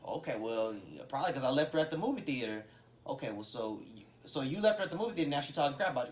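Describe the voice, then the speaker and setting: A man co-hosting a casual podcast, talking in slangy, animated style and acting out his friends' voices. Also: medium pitch, very fast. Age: adult, has a son. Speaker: podcast co-host. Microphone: podcast microphone.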